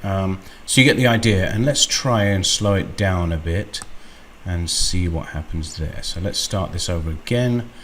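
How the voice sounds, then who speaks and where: A man hosting a screen-recorded software walkthrough, unhurried and thinking aloud with frequent ums. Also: low voice, a little hiss or hum. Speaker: tutorial host.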